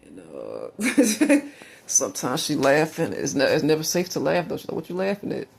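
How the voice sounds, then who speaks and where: Man, casual storytelling, rambling and profane, lively pitch, raspy fry. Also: unhurried. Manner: rambling, profane, lots of fillers.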